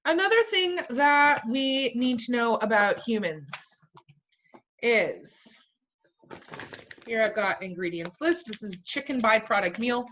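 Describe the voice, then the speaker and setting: A woman's voice: fairly high pitch, lively intonation, slow pace, a bit bright. A woman teaching a class in a playful way, firing questions at her students and tossing in jokey asides. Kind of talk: classroom lecture.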